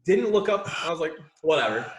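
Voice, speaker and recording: A man talking as a musician guest in a casual video-call chat, lively, acting out the people in his stories. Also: on the high side, brisk, echoey room. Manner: animated, acts out quoted people.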